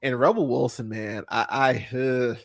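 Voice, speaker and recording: A man's voice: medium pitch, fairly even intonation, a little slow. A young man hosting a podcast, chatting casually and profanely about bad movies, rambling with many fillers and laughing as he goes. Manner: rambling, profane, laughing often, swooping into mocking voices. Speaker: podcast host. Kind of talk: casual movie review chat.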